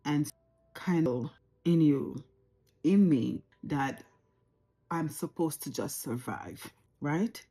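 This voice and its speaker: A woman's voice: sits low, takes it slowly, pauses often, dark tone, breathy edge. A Jamaican woman in her forties, talking reflectively and earnestly to camera at home, repeating phrases for emphasis. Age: 40s. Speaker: vlogger. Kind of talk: unscripted personal talk to camera.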